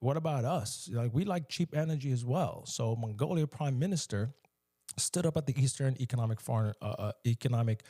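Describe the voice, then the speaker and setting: Speaking in a mid-range voice, a man from the US gives lively, forceful solo commentary and often lapses into mocking impressions.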